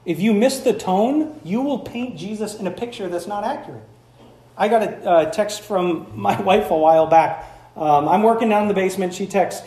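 High-voiced preacher in an echoey hall. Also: male voice, normal speed. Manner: animated, conversational preaching with acted-out voices. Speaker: pastor. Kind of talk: sermon.

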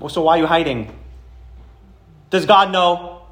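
A man preaching a sermon to a congregation in a church hall, animated and emphatic, often asking the room questions. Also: fairly high pitch, unhurried. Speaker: pastor.

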